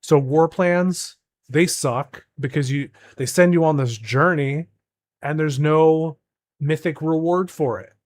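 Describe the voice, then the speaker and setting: Exasperated gaming streamer, slightly high voice. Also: male voice, slow pace. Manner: exasperated, rambling with frequent restarts. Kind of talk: casual ranting commentary.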